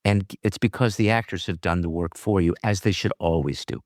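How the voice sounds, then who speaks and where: A man who is a theater director and acting teacher, explaining acting technique in an interview in an animated, emphatic, teacherly way. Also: sits low, a little fast, no room sound, clean studio sound.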